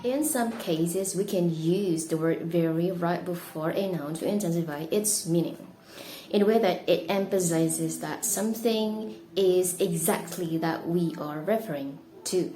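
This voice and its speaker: A woman's voice: lowish voice, unhurried, dark tone. A woman with an Indonesian accent teaching an English lesson, speaking carefully and stressing key words. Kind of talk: explanatory lesson. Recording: echoey room with faint noise.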